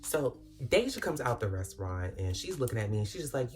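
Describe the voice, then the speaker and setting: A woman's voice: rumbling low, very animated, brisk, a little mellow, soft background music. A young woman telling a storytime tale in a dramatic, self-mocking way, swearing freely. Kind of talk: casual storytime.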